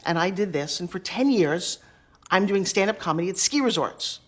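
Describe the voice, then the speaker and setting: A middle-aged woman telling career stories in an interview, acting out the dialogue with quick asides. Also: on the low side. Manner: lively, acts out quoted dialogue, quick asides. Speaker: interview guest. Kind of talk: animated storytelling.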